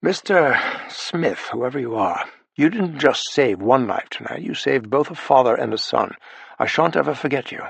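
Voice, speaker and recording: Picture an earnest, grave hero, as a male narrator puts him on. He speaks with weight in a raspy, creaky voice, recorded dry and close. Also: medium pitch, lively intonation, normal speed, no echo.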